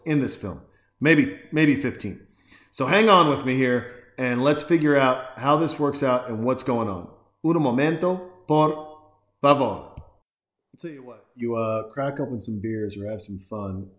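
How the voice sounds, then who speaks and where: Rambling man in a very echoey room. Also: medium pitch. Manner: rambling, excitable, talks to characters on screen. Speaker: host watching and commenting on a horror film. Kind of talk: casual live film commentary while drinking beer.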